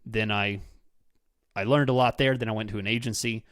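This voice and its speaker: A man's voice: fairly low pitch, fairly even intonation, a little fast, a bit bright, no room sound, studio quality. A man hosting a podcast from his office, talking in a chatty, enthusiastic and self-deprecating way. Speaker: podcast host. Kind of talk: casual podcast talk with ad read.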